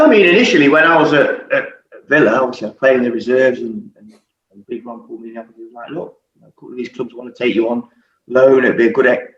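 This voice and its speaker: A man in his forties, a former footballer and podcast guest, telling stories in a casual chat, swearing constantly and laughing through his anecdotes. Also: mid-range voice. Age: 40s. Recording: roomy, muffled recording with faint hiss.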